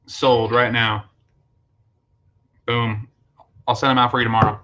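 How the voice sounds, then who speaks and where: A man's voice: mid-range voice, level tone, unhurried, pushed and bright, muffled recording. Chatty man hosting a livestream. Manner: chatty, thanks viewers, many fillers and restarts. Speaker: livestream host. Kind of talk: casual livestream chat.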